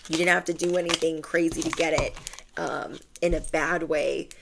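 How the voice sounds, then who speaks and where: A woman's voice: sits low, fairly even intonation, moderate pace, vocal fry, noisy background. A young adult woman giving a channeled tarot reading to her viewers, casual and emphatic, full of slang and fillers. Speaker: tarot reader.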